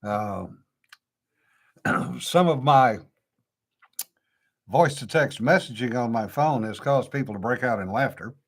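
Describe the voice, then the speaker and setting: A man's voice: medium pitch, takes it slowly, pauses often. A middle-aged man with a slight Cajun accent, co-hosting a casual chat in a laid-back, drawling way. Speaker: podcast co-host.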